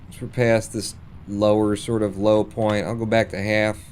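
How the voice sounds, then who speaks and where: This man streams a space game live, grumbling and cursing at it sarcastically. He speaks at normal speed with a flat delivery, his fairly low voice a little mellow against a slight hiss or hum.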